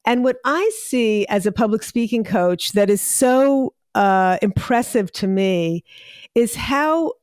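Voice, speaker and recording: A woman's voice: a little high, expressive, slow, a little mellow, clear, resonant tone, no echo. Woman host, speaking coach; encouraging interviewer, dry close sound. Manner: encouraging, affirming, with fillers like "you know". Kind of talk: conversational interview.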